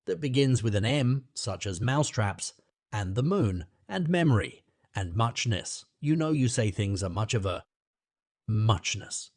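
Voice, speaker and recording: A man voicing a sleepy, sulky dormouse with a hoarse, feeble voice and slow, drowsy speech. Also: fairly low pitch, animated, no echo, clean studio sound. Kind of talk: audiobook character voice.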